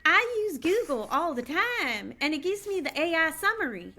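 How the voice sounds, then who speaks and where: A woman voicing her sweet older mother with a Southern US accent, raising her pitch for the impression. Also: big pitch swings, moderate pace, sharp tone, heavily acted. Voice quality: sweet, drawling.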